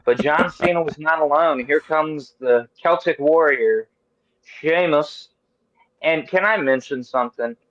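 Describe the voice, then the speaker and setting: A man in his thirties hosting a podcast, chatting casually in an animated, rambling, profane way. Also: on the high side, measured pace, no room sound, lo-fi sound. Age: 30s. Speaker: podcast host. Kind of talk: casual chat.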